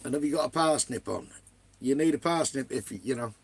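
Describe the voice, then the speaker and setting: An Englishman chats live with viewers from his camper van, his medium-pitched, slightly rough voice moving fairly quickly. The vanlife streamer is full of banter and swearing, calling everyone "mate" and "son."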